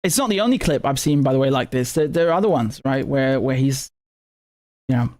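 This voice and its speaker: A man's voice: mid-range voice, expressive, a little fast, a little mellow. A man hosting a live news commentary, talking indignantly with many stammered restarts and rhetorical questions. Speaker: political commentator and host.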